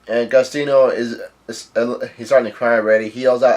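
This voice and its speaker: A man hosting a casual reading recap of a manga, halting and stumbling over names as he narrates. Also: medium pitch, steady tone, darkish tone. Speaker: manga reader and video host.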